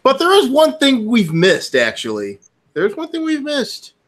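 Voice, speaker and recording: A man co-hosting a casual chat show, animated and stumbling over his words as he talks. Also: extremely high pitch, a little slow. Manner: animated, stumbling and restarting, swearing freely. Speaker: podcast co-host.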